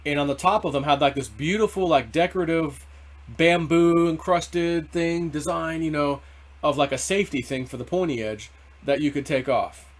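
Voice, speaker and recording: A man hosting a casual crypto video, rambling through a dream story with many restarts. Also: on the high side. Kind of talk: casual monologue.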